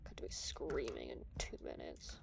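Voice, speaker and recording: A woman's voice: extremely low pitch, sing-song, normal speed, creaky, whispered. A woman streaming a video game, giving playful, self-mocking commentary as she plays. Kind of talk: gaming commentary.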